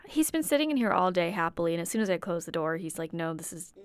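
Woman, sleepy and tired, gravelly fry in the voice, dry close sound, casual chatty podcast co-host, microphone on a stand. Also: on the low side, fast, no room sound. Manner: relaxed, chatty, laughs easily. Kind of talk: casual chat. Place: room at parents' house at night.

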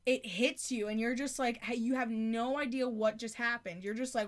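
A woman's voice: on the high side, fairly even intonation, normal speed, few pauses. A woman chatting on a podcast, tired after the gym, blunt and teasing as she tells stories. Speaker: co-host, host's girlfriend. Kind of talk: casual podcast chat.

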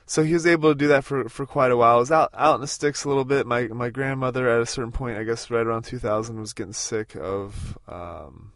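A man's voice: medium pitch, fairly even intonation, fast talker, few pauses, no room sound, studio quality. Rambling man hosting a road-trip podcast. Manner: rambling, with many fillers and restarts. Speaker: podcast host. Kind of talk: casual spoken podcast recorded on a road trip.

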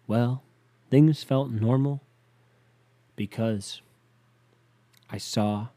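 Speaking slowly and leaving long pauses, a male podcast host delivers a laid-back, foul-mouthed rant. Frequent sighs punctuate it, and he swings between shouting and quiet grumbling.

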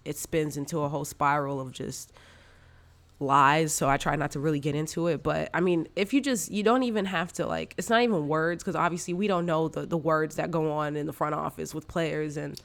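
A man's voice: fairly high pitch, fairly even intonation, a little fast, gravelly, fairly bright tone. A congested man hosting a sports podcast in loose, casual chat with lots of fillers. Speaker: podcast host.

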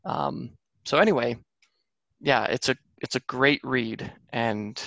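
A man's voice: mid-range voice, slow pace, vocal fry, fairly bright tone, no echo, dull audio. A man co-hosting a podcast, talking casually and rambling a little about books, with plenty of fillers. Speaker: podcast co-host. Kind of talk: casual chat.

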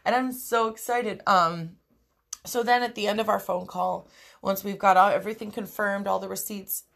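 A woman's voice: medium pitch, fairly even intonation, normal speed, creaky, a bit bright. A young woman speaks straight to her viewers in a personal vlog. She is crying through her words, her voice thick with tears, and swears freely. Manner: tearful, emotional, swears freely. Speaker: vlogger.

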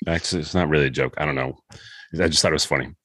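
A man runs a relaxed podcast chat. His voice sits very low, and he keeps things joking and easygoing. The sound is dry and close. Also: racing, no room sound. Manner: laughs often, joking and loose. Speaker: podcast host. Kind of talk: casual podcast banter.

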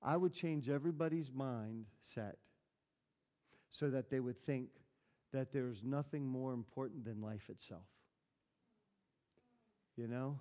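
Long pauses mark the mid-range, dark-toned voice of this male pastor, who speaks a little slowly. In an echoing church hall, his conversational sermon mixes storytelling with questions for the room.

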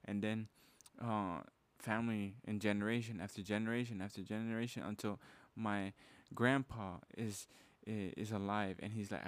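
Fired-up casual young man, low voice. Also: fairly even intonation, moderate pace, hardly any pauses, no echo. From Mexican heritage. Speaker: podcast host. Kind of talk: motivational podcast monologue.

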